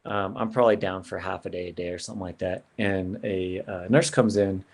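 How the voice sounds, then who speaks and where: A man's voice: low-pitched, fairly even intonation, fairly quick. A man sharing an earnest personal story as a podcast guest, in a casual way with lots of "man" and "bro".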